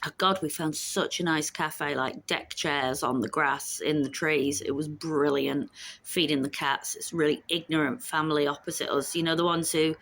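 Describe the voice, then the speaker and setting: A vlogger in her fifties chats casually and frankly to camera about her week, letting slip the odd swear word. Her voice sits low and is a bit bright, with a steady tone and moderate pace.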